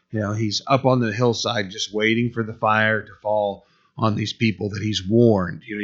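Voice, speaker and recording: A man's voice: mid-range voice, sharp tone. Man, pastor preaching casually, slightly muffled lo-fi sound. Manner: conversational preaching, frequent "you know" fillers. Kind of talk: sermon.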